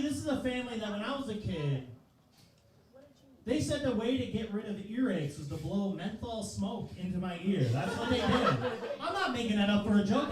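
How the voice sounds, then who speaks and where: A man in his thirties rattles through a self-mocking stand-up set, his voice high and swinging widely in pitch. He sounds far from the mic, in a very echoey club. A crowd reacts clearly around him. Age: 30s. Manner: loose, profane, self-mocking. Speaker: stand-up comedian. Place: comedy club stage, live audience.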